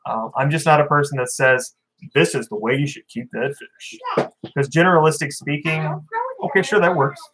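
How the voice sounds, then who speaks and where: A man's voice: on the high side, normal speed, crowd noise, low-quality recording. A man hosting a casual fishkeeping livestream, reading viewer comments and talking in a blunt, opinionated, rambling way. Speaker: fishkeeping channel host.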